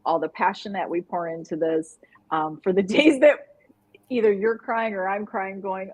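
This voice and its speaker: A woman co-hosts a casual live-stream chat, her voice soft and breathy. She talks in a lively, rambling way and breaks into laughter often. Her pitch sits in an ordinary middle range. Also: normal speed, low-quality recording. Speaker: co-host.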